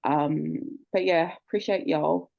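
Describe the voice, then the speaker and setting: A woman's voice: deep voice, fairly even intonation, slow, creaky, dull audio. A woman speaking earnestly on a casual group video call, with many fillers. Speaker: group member.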